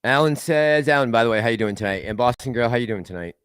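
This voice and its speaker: A man's voice: mid-range voice, lively intonation, quick pace, a bit bright, clear, resonant tone, no room sound, studio quality. A man hosting a casual livestream, rambling and laughing as he reads out and answers chat messages. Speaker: livestream host reading chat.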